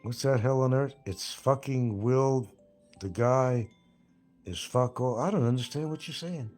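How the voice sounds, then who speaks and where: Over soft background music, a man with a mid-range, darkish voice speaks at normal speed while hosting a livestream. Crude and mocking, he rambles through chat comments, ridicules people, and laughs at his own jokes.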